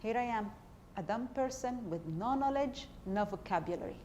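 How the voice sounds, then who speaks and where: A woman's voice: medium pitch, animated, normal speed, darkish tone, lo-fi sound, a little hiss or hum. Earnest woman. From Palestine. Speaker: performer. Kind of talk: documentary stage play.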